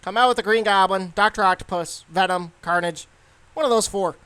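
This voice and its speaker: A man's voice: high voice, fairly quick, sharp tone, smooth, dry recording. A young man giving a casual, rambling movie review, full of fillers and restarts.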